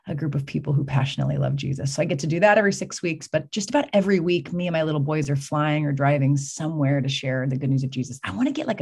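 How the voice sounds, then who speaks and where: A woman from California, a podcast guest telling a lively personal story that leads into a faith message, acting out the voices in it. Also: low-pitched, husky. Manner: animated storyteller, acts out quoted voices.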